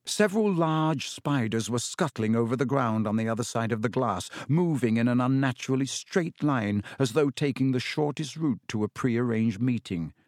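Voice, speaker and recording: An audiobook is narrated by a man whose mid-range voice keeps an even, measured storyteller's pace. There's no room sound, and the studio audio is clean.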